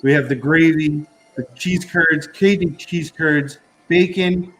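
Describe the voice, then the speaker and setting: A man's voice: a little high, fairly even intonation, slow, a bit bright, poor audio. A man on a live stream chatting casually as a guest food correspondent, talking through dishes with lots of ums and uhs. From Florida. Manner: rambling, filler-heavy, describes food while eating.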